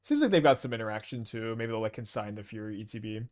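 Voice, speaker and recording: A man with a Canadian accent and a lowish, slightly mellow voice talks fast with lively intonation while commenting on a game. His remarks are casual and rambling, with thinking aloud and hesitant restarts.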